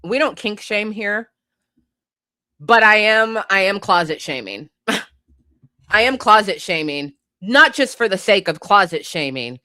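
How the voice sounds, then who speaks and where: A woman podcast host rants about politics, heated and profane, and now and then laughs at her own anger. Her pitch swings widely while she takes her time. Her voice is bright and forceful, recorded close and dry. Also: animated, unhurried, no echo. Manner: profane, fiery, laughs at herself.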